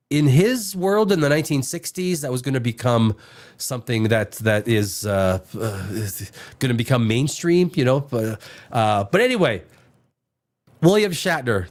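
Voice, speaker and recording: A middle-aged male host chats in a loose, rambling way, often restarting his sentences and tossing in casual swearing. His pitch sits in the middle but moves about a great deal. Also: a little mellow. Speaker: podcast host. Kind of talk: casual chat.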